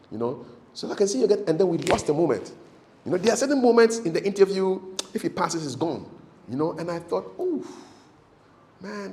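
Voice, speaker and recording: A middle-aged man talks like a seasoned TV presenter coaching others on how to interview. His voice sits fairly high for a man and moves a lot, rising and falling as he tells stories. He repeats key phrases for emphasis and laughs easily. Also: darkish tone. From Ghana. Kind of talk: casual advice talk.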